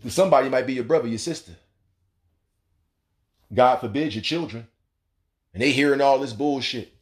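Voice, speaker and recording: An adult man with a son hosts a talk radio show, speaking in a mid-range voice at normal speed. His monologue is blunt and profane, and he acts out the voices of the people he quotes.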